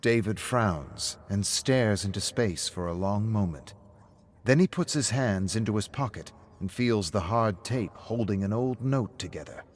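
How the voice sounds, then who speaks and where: A man reading scripted story narration in a measured way. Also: lowish voice, animated, slight background noise.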